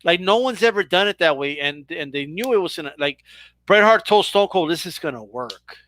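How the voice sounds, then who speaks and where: A man's voice: high voice, animated, a little fast, pushed and bright, no echo. A man co-hosting a casual wrestling talk, laid-back, often adding "bro" and "you know what I mean". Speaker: co-host. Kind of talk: casual chat.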